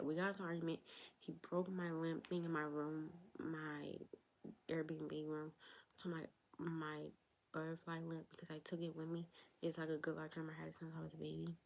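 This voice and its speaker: Chatty young woman with a low voice. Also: creaky, a little mellow, rough recording. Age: young adult. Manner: chatty, addresses viewers directly, drops into whispered asides. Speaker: vlogger. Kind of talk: storytime vlog.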